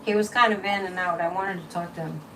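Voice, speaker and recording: A woman's voice: fairly low pitch, steady tone, fast, sharp tone, far from the mic, slight background noise, poor audio. A woman from Massachusetts hosting a casual psychic livestream, chatty and mocking, repeating words and laughing often.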